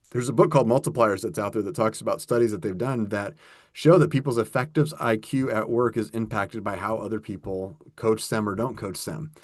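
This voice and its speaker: A man with a lowish voice co-hosts a workplace podcast. He talks casually, telling stories and acting out what people said. The sound is close and dry. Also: no echo. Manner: storytelling with acted-out quotes, conversational. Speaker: podcast co-host.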